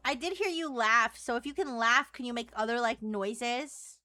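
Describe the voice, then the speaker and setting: A woman's voice: fairly high pitch, moderate pace, bright, forceful tone, dry recording. A woman streamer chatting casually and teasingly, often stammering through her questions. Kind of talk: casual live-stream chat.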